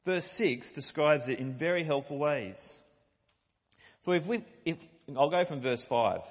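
A man's voice: a little high, lively intonation, unhurried. A middle-aged man giving a sermon in a conversational, emphatic way, reading scripture and explaining it. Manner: conversational, emphatic on quoted lines. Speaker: preacher. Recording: long hall reverb.

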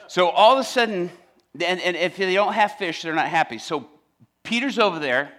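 A man preaching a sermon, telling its story with animated humor. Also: sits high, brisk.

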